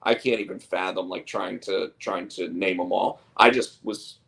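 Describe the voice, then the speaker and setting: A man's voice: sits low, fairly even intonation, normal speed, gravelly, fairly bright tone. A man hosting a casual chat show, rambling and repeating words as he tells stories. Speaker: podcast host and comic artist.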